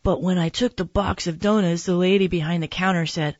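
A woman reading a children's picture book aloud in a gentle, expressive storytelling manner. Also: fairly low pitch, brisk, hardly any pauses, dry recording, dull audio. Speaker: narrator.

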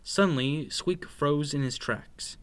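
A man reading a children's bedtime story aloud with expressive, sing-song narration. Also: fairly high pitch, slow.

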